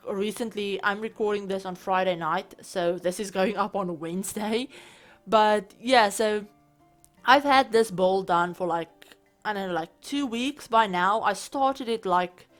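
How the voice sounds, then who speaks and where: A woman talks in a loose, chatty voice-over, circling back and restarting her thoughts with plenty of fillers. Her pitch sits in an ordinary middle range. Soft music plays faintly under her voice. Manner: rambling, lots of "like" and restarts. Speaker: Sims building channel host. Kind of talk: casual voice-over commentary.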